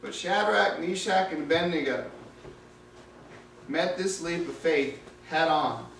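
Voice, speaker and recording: A man preaching a sermon, retelling a story with dramatic, animated delivery, recorded in an echoey room from a distance. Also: fairly high pitch, slow pace, vocal fry. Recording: echoey room, distant mic, faint hiss.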